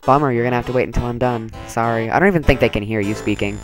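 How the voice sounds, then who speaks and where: A man's voice: medium pitch, rapid-fire, soft background music, low-quality recording. A man giving rambling, casual commentary over his gameplay, full of "like" and "um". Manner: chatty, rambling, lots of "like". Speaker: let's play commentator.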